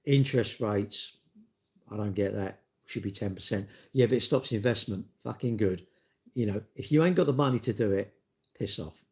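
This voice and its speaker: Sweary bloke, sixties, gravelly and low-voiced, live-stream rant. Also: male voice, moderate pace, darkish tone. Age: 60s. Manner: blunt, sweary, storytelling with acted-out quotes. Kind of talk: casual ranting monologue.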